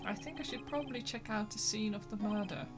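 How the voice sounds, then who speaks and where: A woman's voice: mid-range voice, quick pace, soft background music. A woman streamer chatting casually and joking while she plays a video game and reads its text aloud. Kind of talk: casual let's-play chat.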